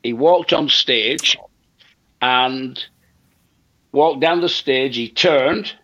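A man's voice: medium pitch, extremely slow, dry recording. Older guy spinning a yarn, repeats stuff for emphasis, kinda muffled dry recording. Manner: animated anecdote teller, repeats himself for emphasis, acts out quotes. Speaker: guest comedian. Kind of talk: storytelling in casual chat.

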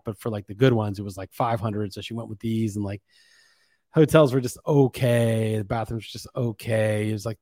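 A man in his forties talks straight into the mic in a rambling, profane monologue. His voice sits at an ordinary middle pitch. The room adds no echo, so every word sounds close and dry. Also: darkish tone. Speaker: podcast host. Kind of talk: casual monologue.

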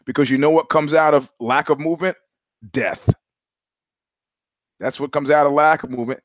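Podcast host, male, a bit high-pitched, rambling storyteller who swears, dry and slightly dull audio. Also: normal speed, no echo. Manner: animated storyteller, acts out quoted voices; swears freely, restarts sentences. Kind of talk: casual monologue.

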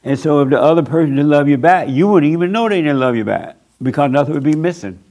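Gravelly-voiced man preaching bluntly. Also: on the high side, expressive, quick pace, darkish tone. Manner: blunt, mocking, emphatic preaching. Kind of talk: sermon.

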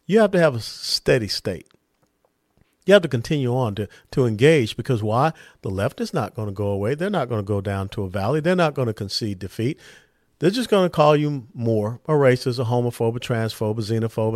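A Texas-based podcast host with a mid-range voice delivers an emphatic political commentary monologue, posing rhetorical questions. The audio is clean studio sound with no room sound.

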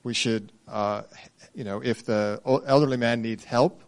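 A man's voice: medium pitch, fairly even intonation, a little slow. Earnest man reasoning through a question. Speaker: congregation member asking a question. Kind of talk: casual discussion.

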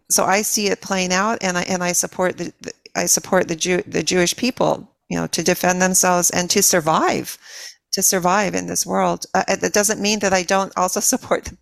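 Older woman guest, lowish voice, dry close mic, earnest and halting with frequent restarts. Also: vocal fry, no echo. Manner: halting, many restarts and repeated words. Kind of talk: reflective interview conversation.

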